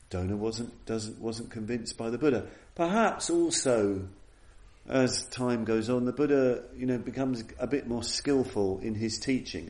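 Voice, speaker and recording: A man with a low, mellow voice gives a Buddhist dharma talk in an echoey room. He speaks earnestly and reflectively, often circling back to restart a phrase as he tells the story. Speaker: Buddhist teacher.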